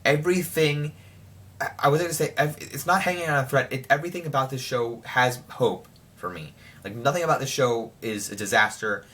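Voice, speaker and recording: Young man, bright forceful voice, excitable, rambling, casual show review. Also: medium pitch, fairly quick.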